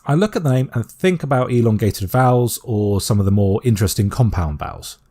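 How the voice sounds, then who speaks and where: A British man explaining a constructed language step by step in a calm, methodical tutorial voice. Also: fairly low pitch, brisk. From Britain. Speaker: language teacher.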